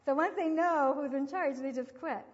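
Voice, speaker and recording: An older woman with a fairly high voice teaches about parenting, telling stories with lively acted quotes. The recording is muffled, and her voice rings out in an echoey hall. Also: moderate pace. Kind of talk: devotional teaching talk.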